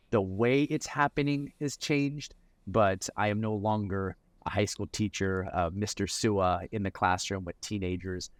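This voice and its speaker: A mental performance coach appears as a guest, giving conversational interview answers in a low, dry voice on a dry recording. He's reflective and repeats words as he starts each thought.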